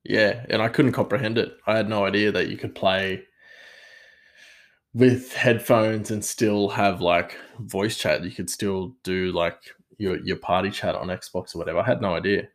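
A young man talks casually about video games in a somewhat low voice. He rambles and drifts off topic, pokes fun at himself, and keeps the tone easy and conversational. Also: steady tone, moderate pace. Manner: rambling, digressive, self-deprecating. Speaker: gaming vlogger. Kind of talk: casual chat.

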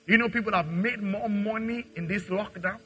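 A middle-aged male pastor preaching a sermon, acting out little dialogues and swinging from quiet to loud. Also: high voice, normal speed, soft background music, rough recording. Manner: preaching with dramatic acted-out dialogue and big swings in loudness.

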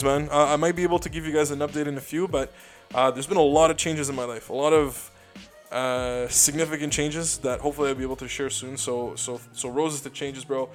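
Young man, comedian, casual rambling monologue, swears a lot, slightly high voice, faint music behind. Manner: rambling, profane, lots of restarts and "dude".

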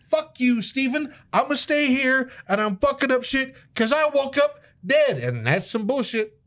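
A man in casual chat, ranting with profanity and sudden loud outbursts. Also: very high-pitched, sing-song, measured pace.

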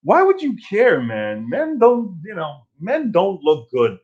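Guy in his 40s ranting on his stream, swears a lot, super lively voice, kinda muffled lo-fi sound. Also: sits high, takes it slowly. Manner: profane, self-mocking, animated storytelling. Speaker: live stream host. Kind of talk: casual ranting live stream. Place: his old childhood bedroom at home.

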